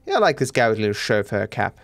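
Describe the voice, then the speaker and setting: An Australian man livestreaming a video game, joking deadpan as he plays. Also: on the low side, racing, vocal fry, dry recording. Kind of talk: casual game commentary.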